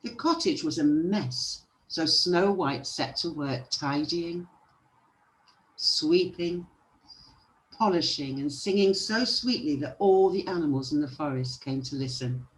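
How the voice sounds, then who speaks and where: A storyteller reading a children's picture book aloud with expressive delivery. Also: medium pitch, measured pace, poor audio.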